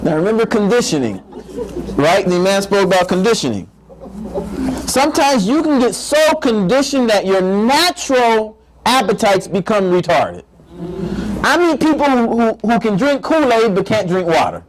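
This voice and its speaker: Lively high-voiced man preaching. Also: normal speed, crowd noise, poor audio. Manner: animated, playful, repeats words as he builds a point. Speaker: imam giving a talk. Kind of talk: faith-based lecture to a live audience.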